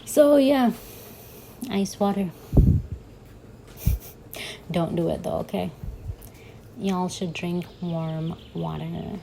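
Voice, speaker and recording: The voice is on the low side and mellow, with a steady tone, vocal fry, drawn-out words and frequent pauses, recorded with poor audio and slight background noise. It belongs to a young woman doing a giggly, chatty voice-over as she sets up her journal, tossing in self-mocking asides.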